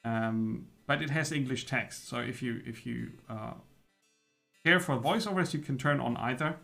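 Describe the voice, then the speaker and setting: A man's voice: medium pitch, moderate pace, vocal fry, a bit bright, soft background music. A man streaming live gameplay, chatting casually with hesitations and chuckles.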